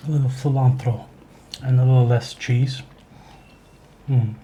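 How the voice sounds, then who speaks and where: Slow-talking man cooking on stream. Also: medium pitch, steady tone, dark tone, slight background noise. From Sweden. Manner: slow, thoughtful, chuckling often. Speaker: livestream host. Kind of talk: casual chat while cooking. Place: home kitchen. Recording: kitchen clatter behind the voice.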